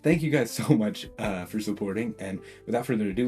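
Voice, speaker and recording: A young man narrates a fan-made story in an excitable, slangy way, stacking fillers as he goes. His voice sits on the low side. Faint guitar music runs under him. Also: a little fast. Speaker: YouTube storyteller. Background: faint background music.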